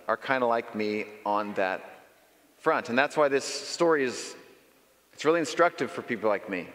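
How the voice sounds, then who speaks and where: A man preaching a sermon in a lively, conversational storytelling manner. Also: mid-range voice. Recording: long reverb in a large hall.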